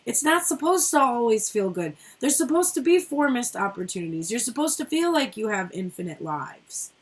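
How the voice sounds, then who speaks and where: A woman's voice: on the high side, very animated, moderate pace, slightly rough. A middle-aged woman giving a casual tarot reading, chatty and rambling, who swears freely. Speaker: tarot reader.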